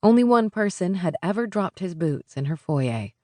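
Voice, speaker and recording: A woman narrating a romance audiobook in a steady, even storytelling manner. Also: lowish voice, moderate pace, dry recording, studio quality.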